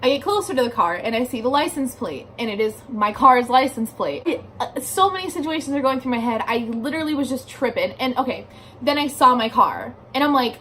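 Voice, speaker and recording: A woman's voice: on the high side, a little fast, a bit bright, slight background noise. A young adult woman telling a story in a casual vlog from her bedroom, chatty and filling her speech with "like", swearing casually. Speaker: vlogger.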